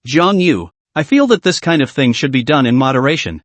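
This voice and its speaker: Man reading naive teen girl, earnest, lively pitch, dry close mic. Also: a little fast, no echo, natural voice.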